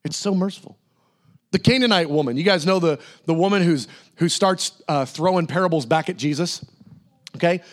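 A man's voice: fairly high pitch, normal speed. A man preaching a sermon in a church, acting out Bible figures in casual, playful voices. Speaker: pastor.

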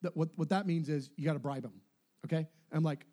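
A man's voice: a little high, brisk. A young man telling a story casually, acting out what others said in shifting voices. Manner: animated, acts out quotes with shifting voices. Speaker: storyteller recounting a mission trip.

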